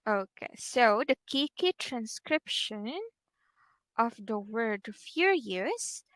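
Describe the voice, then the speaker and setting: A woman's voice: on the high side, lively intonation, slow, fairly bright tone, no room sound. A woman with a Filipino accent teaching a one-on-one online English lesson, speaking patiently and drawing out her words with frequent okays.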